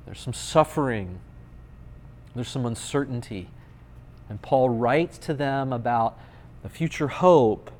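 A man's voice: mid-range voice, a little mellow. A man in his thirties, a pastor giving a conversational sermon with playful, dry humor.

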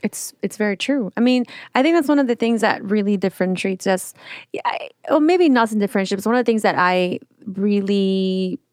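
A middle-aged woman talking in casual chat, animated and rambling, often restarting her sentences. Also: medium pitch, fairly quick, no room sound, clean studio sound.

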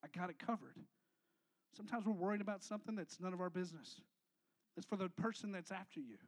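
Speaking fast in a high-pitched voice, a young adult man preaches as a pastor, his casual, slangy sermon swinging from whispered asides to booming, emphatic lines.

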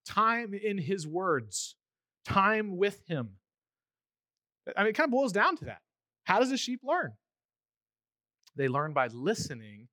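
A male pastor preaching a conversational sermon, animated and acting out little voices as he goes. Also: a little high, no room sound, studio quality.

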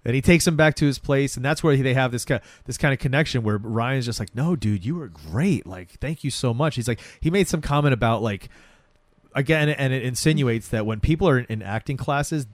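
A man's voice: medium pitch, brisk, no room sound. A young man in casual chat, recapping a TV episode and acting out the characters' lines as he goes. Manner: animated, acts out characters' lines while retelling. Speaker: podcast co-host.

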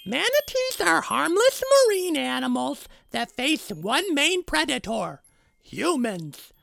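A man voicing an excitable young boy in a chatty, dramatic way on a children's podcast. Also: slow pace, a little hiss or hum, exaggerated voice. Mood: enthusiastic. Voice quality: high squeaky voice with a gravelly edge. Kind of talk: children's podcast puppet role.

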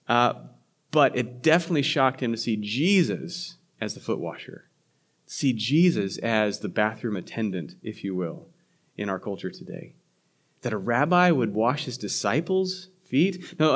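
A man, a pastor, preaching a sermon in a conversational way, with frequent fillers, restarts and self-corrections. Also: mid-range voice.

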